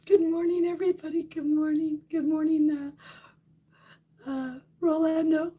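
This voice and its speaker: A woman hosting a casual morning live stream, hoarse and losing her voice from a cold, chatting and laughing at how she sounds while greeting viewers by name. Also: high voice, little pitch movement, a little slow, dark tone. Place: home on a windy ridge.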